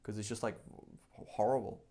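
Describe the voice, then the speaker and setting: A man's voice: on the low side, fairly even intonation, normal speed, mellow. A man teaching a live class on religious law in a casual, chatty way, full of asides and rhetorical questions.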